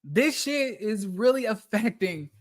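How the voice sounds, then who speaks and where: A man's voice: sits high, animated, unhurried. Exasperated, profane man ranting. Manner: profane, exasperated, repeats phrases. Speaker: streamer. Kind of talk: casual storytelling rant.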